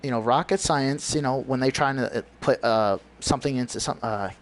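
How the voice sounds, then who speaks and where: A man's voice: mid-range voice, a little fast. A man giving a rambling, preachy monologue on his livestream, often searching for words. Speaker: livestream host.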